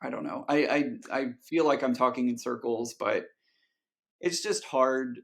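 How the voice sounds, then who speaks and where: A man, a guest on an interview podcast, talking earnestly and emotionally, often pausing and restarting. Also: medium pitch, creaky. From Texas. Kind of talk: candid conversational interview.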